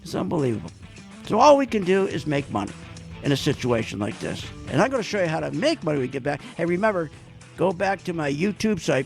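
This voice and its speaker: A man's voice: a little high, vocal fry. A man hosting a talk radio show, delivering an emphatic monologue and acting out the people he quotes.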